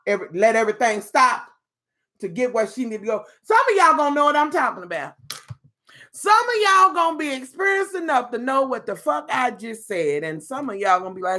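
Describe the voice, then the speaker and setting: A woman's voice: fairly high pitch, big pitch swings, moderate pace, pushed and bright. Sassy, bawdy woman live-streaming. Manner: sassy, bawdy, laughing asides to viewers. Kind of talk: casual live-stream chat.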